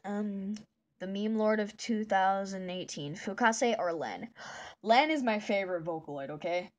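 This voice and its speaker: A woman's voice: medium pitch, unhurried. A woman vlogger chatting casually while she draws. She rambles and uses many fillers. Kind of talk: casual chat while drawing.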